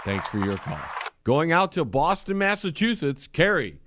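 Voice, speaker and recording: A middle-aged man hosting a comedy call-in radio show in a brisk, wry manner. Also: a little high, big pitch swings, a bit bright, no echo.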